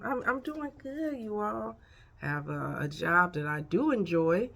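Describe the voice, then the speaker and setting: A woman's voice: medium pitch, very animated, measured pace, creaky, fairly bright tone. A woman in her fifties giving frank, folksy life advice in a casual vlog, chatting straight to her viewers. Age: 50s. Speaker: life coach. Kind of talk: casual motivational vlog talk.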